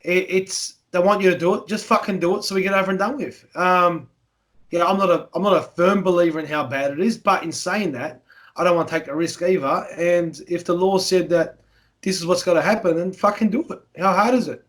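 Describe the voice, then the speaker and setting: A man's voice: high voice, brisk, a bit bright. A man with an Australian accent hosting a casual podcast, joking in a matey way and swearing freely. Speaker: podcast host.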